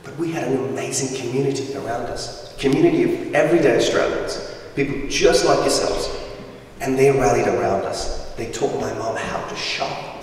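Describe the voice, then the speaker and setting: Afghan-born man speaking in an echoey hall. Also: medium pitch. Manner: lively, humorous, acts out voices of people in his stories. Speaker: guest speaker. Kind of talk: storytelling public talk. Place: large school hall with audience. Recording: roomy echoey hall from far off.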